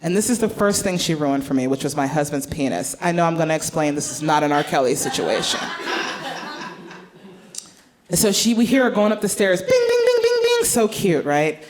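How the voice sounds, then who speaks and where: A woman's voice: deep voice, expressive, fast, few pauses. A woman comedian telling a family story on stage in a stand-up set, with big swings between voices. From United States. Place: theater stage with live audience.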